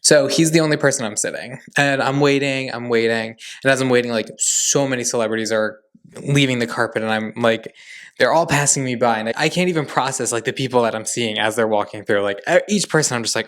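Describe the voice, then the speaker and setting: Excitable young man telling a story. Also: mid-range voice, fairly quick. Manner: excitable, gushing, heavy use of "like". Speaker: podcast host. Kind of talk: casual storytelling monologue.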